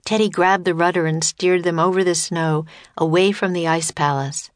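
Woman narrator, children's audiobook, steady, dry booth sound. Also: on the low side, normal speed, no echo. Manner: clear, steady storytelling.

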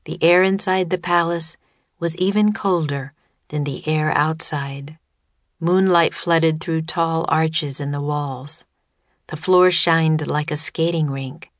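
A woman reading a children's chapter book aloud as narrator, measured and even, close to the mic. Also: low voice, dry recording. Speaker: audiobook narrator. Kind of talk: scripted narration.

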